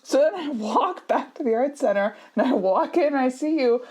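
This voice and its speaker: A woman in her thirties, a podcast co-host telling stories in casual chat, animated, laughing often with quick asides. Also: sits high, breathy edge.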